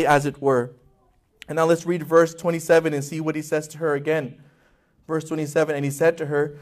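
A man's voice: on the high side, moderate pace, a little mellow. A male pastor preaching a sermon with passion, acting out voices in quotes and asking his congregation questions.

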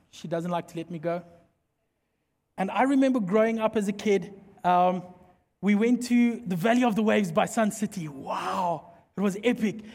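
High-voiced preacher, echoing hall. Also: male voice. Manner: animated, playful, jokes with the congregation. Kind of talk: sermon with humorous storytelling. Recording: long hall reverb.

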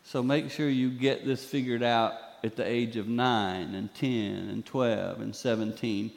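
In a church sanctuary, an older guest speaker delivers a sermon, telling stories animatedly and voicing the people he quotes. His mid-range voice is unhurried with some vocal fry, and the room leaves a long reverb tail.

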